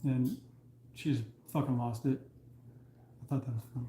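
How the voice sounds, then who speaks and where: A man's voice: medium pitch, steady tone, moderate pace, warm tone, reverberant. A man co-hosting a live stream from home in casual chat, swearing and telling crude jokes while laughing at his own lines.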